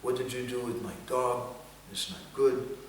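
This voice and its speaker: A man's voice: medium pitch, fairly even intonation, unhurried, slight background noise, lightly acted. A man voicing an upset little boy who wants his puppy back, recorded from far off in an echoey hall.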